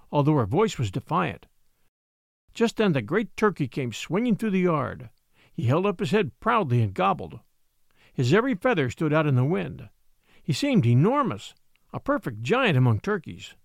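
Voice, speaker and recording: Man, storybook narrator, expressive, slightly high voice, dry close recording. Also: normal speed, vocal fry, dry recording. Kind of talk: storybook reading.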